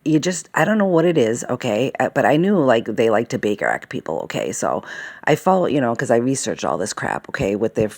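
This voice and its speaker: Woman ranting to camera, gravelly, voice swings up and down a lot, swears, rambles. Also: extremely low pitch, very animated, a little fast, a little mellow. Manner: rambling, agitated, swears often; fillers and self-interruptions, asks "okay?" and "all right?". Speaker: vlogger. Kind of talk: casual monologue.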